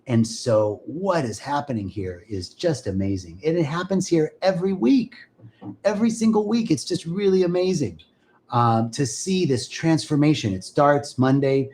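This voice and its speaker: A man's voice: fairly high pitch, animated, normal speed, darkish tone. A man hosting a spiritual live stream, talking casually and enthusiastically to viewers and greeting them by name.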